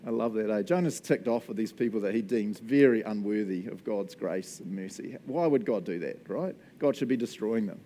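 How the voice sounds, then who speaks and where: A man's voice: on the low side, lively intonation, moderate pace, mellow, a little hiss or hum. A man with a New Zealand accent preaching a sermon in a jokey manner, laughing often. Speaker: pastor.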